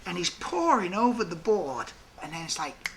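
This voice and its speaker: Animated middle-aged man telling prison stories. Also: high voice, moderate pace, gravelly, slight background noise. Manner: animated storyteller, fillers like 'like'. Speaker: prison guard. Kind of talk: documentary interview storytelling.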